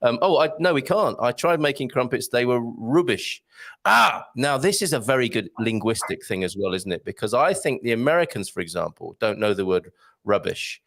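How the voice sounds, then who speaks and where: A man's voice: normal speed, vocal fry. A man with an English accent hosting a studio chat show, joking playfully. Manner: jokey, playful, lively pitch. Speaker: breakfast show host.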